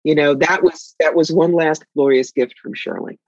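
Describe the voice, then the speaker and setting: A woman's voice: sits low, normal speed, no echo, muffled recording. A woman guest telling personal family stories candidly and reflectively in conversation. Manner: candid, reflective, with lively emphasis. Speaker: author and guest.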